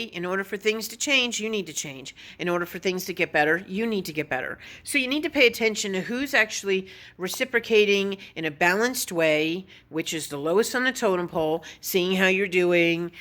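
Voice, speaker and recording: A woman's voice: lowish voice, a bit bright. A woman vlogging casually, telling a story in a blunt, opinionated way and swearing now and then. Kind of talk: casual vlog monologue.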